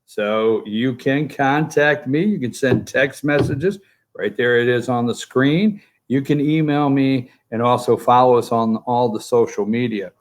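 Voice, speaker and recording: A man's voice: mid-range voice, unhurried. A man giving joking, sarcastic political commentary from a remote spot by a pool. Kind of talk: opinionated political talk. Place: outdoors by a pool, remote from the studio.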